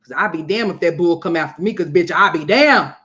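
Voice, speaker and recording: A woman putting on a lower, droning voice to mimic a boastful young man she is mocking. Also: fairly quick, fairly bright tone, close to an everyday voice.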